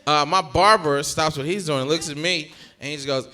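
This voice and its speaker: A young male stand-up comedian with a high voice, telling his bits in an animated way. His tone is bright and forceful, and he pushes loud punchlines at the crowd. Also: a little fast.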